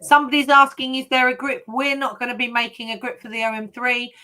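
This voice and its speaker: A woman's voice: on the high side, level tone, fast talker, bright, forceful tone. A woman hosting a casual online panel chat, friendly and chatty. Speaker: host.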